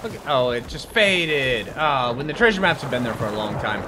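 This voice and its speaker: A man's voice: mid-range voice, expressive, a little fast, noisy background. A man hosting his own gaming channel, chatting casually and upbeat as he plays. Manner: upbeat, chatty, talks to himself while playing. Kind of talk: casual gameplay commentary.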